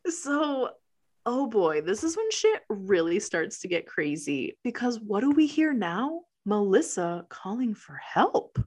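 A woman's voice: medium pitch, big pitch swings, measured pace, a little mellow. A woman co-hosting a casual chat show, recapping a film, laughing often and acting out the characters' lines. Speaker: podcast co-host.

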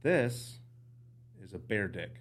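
This podcast guest is a man with a lowish voice who talks slowly. He tells his hunting tales in a relaxed, lively way, voicing the characters' lines himself.

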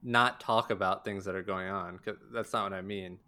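Laid-back guy cohosting a podcast, bright voice, gently redirects the talk. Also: low-pitched, steady tone, normal speed, smooth. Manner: easygoing, gently steering the talk. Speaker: podcast co-host. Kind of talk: casual chat.

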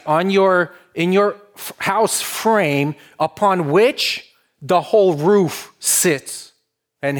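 A man preaching a conversational sermon, explaining a passage with rhetorical questions and dropping to a hushed voice for quotes. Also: a little high. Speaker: pastor.

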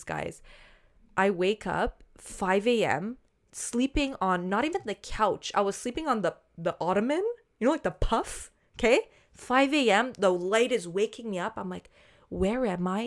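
Animated woman telling a wild story. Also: medium pitch. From not from Australia. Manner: animated, swears freely, acts out quotes. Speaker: podcast co-host. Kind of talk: casual storytelling chat.

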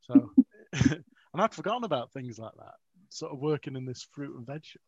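A man's voice: medium pitch, expressive, normal speed, breathy edge, no echo. A man, an author, telling rambling, self-mocking stories with frequent laughs in a casual interview. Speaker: author, guest. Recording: dry, dull lo-fi audio.

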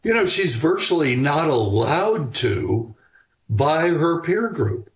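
Thoughtfully fielding interview questions on child-rearing, an older guest author on parenting speaks in a voice on the high side with big pitch swings. He's measured and reflective, lingering on fillers and starting sentences over.

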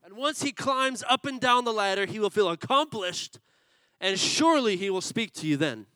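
A man's voice: high-pitched, lively intonation, moderate pace, pushed and bright, smooth, dry recording. A man playing a middle-aged pet shop owner who talks in a reassuring, salesy way, promising results.

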